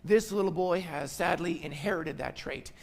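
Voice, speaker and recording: A man's voice: a little high, moderate pace, gravelly. Middle-aged male pastor, emphatic sermon delivery, long reverberant hall. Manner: emphatic, repeats phrases for stress.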